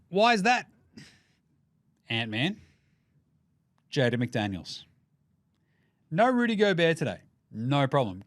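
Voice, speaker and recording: An Australian-accented podcast host runs a casual sports commentary show, animated, jokey and full of swearing. His voice is medium-pitched, and the recording is dry with studio quality.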